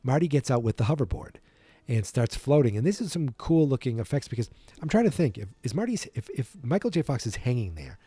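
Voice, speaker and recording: A man's voice: mid-range voice, very animated, fairly quick, dark tone, slightly rough, no room sound. A man hosting a podcast, casually retelling a film from memory in a rambling way. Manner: rambling, full of restarts and impressions. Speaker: podcast host.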